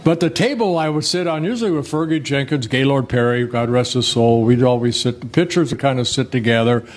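A man's voice: medium pitch, brisk. Older man telling rambling stories. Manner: rambling, folksy, with many restarts and fillers. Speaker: guest, former pitcher. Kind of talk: relaxed interview storytelling.

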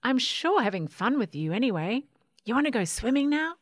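A woman's voice: a little high, big pitch swings, moderate pace, dry recording, studio quality, pitched above the performer's own voice. Woman doing a bubbly, stammering coot bird. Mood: friendly. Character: friendly clumsy male coot bird, cheerful buddy.

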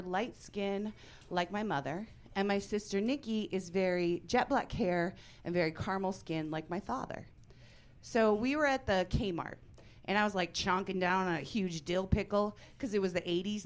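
Wry stand-up comedian woman. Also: medium pitch. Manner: wry, deadpan delivery with sudden loud outbursts. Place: comedy club stage.

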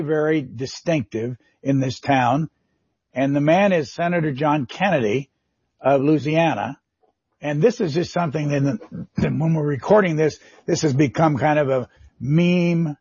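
Older husky-voiced male radio host. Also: a little high, a little mellow, dry recording. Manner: measured, conversational introductions. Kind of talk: radio interview hosting. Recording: dry, slightly dull studio sound.

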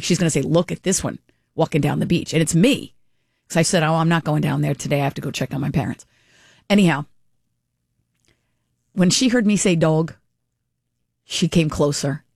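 A woman's voice: deep voice, a little mellow, husky, dry recording, studio quality. A woman hosting a radio talk show, telling a rambling story with lots of asides and reading a live ad. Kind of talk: chatty storytelling and live ad read.

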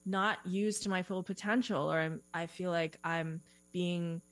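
A woman in a relaxed podcast interview, speaking as a career coach in a slightly low voice. She chats loosely with plenty of "like" and small giggles. A faint electrical hum runs under the recording. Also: unhurried, dry recording, poor audio. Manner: chatty, lots of "like" and "you know", giggly.

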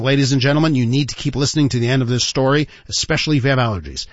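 A man with a slightly high voice hosts a talk radio show, his pitch leaping around as he tells a story. The sound is dry and a little dull, as if heard on a radio broadcast. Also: quick pace, few pauses, dry recording. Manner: animated, addresses listeners as ladies and gentlemen.

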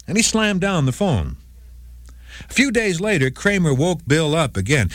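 A man's voice: on the high side, huge pitch swings, moderate pace, no room sound, studio quality. A man hosting a short radio segment on the law, telling a court case in scripted narration. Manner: storytelling, voices quoted speakers lightly. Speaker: legal segment host.

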